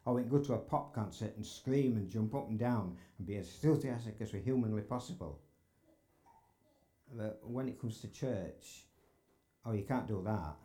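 Earnest preacher with a mellow low voice. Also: male voice, moderate pace. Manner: earnest, rising to emphatic exclamations. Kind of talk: sermon. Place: church sanctuary.

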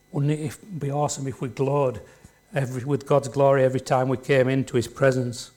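This preacher talks fast and flat, his medium-pitched voice darkish in tone. Standing at the front of the church, he speaks plainly and conversationally, constantly throwing "isn't it?" and "don't we?" back to the congregation.

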